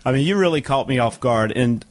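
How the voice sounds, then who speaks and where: A man's voice: mid-range voice, lively intonation, brisk, no room sound. A man, a wrestling referee, talking casually as a guest and laughing often. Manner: easygoing, laughs often, short agreeing replies. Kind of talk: casual conversational interview.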